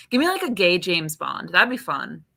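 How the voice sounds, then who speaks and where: A woman's voice: on the low side, wildly swooping pitch, slow pace, vocal fry, sharp tone. A woman co-hosting a film podcast, chatting playfully and bluntly, often giggling. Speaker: podcast co-host. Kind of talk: casual chat.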